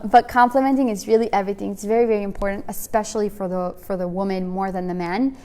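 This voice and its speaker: A woman's voice: mid-range voice, fairly even intonation, rapid-fire, few pauses, darkish tone. A young adult woman teaching a women's class in a casual, chatty way, full of "like" and "you know", often acting out little conversations. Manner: chatty, filler-heavy, acts out little dialogues.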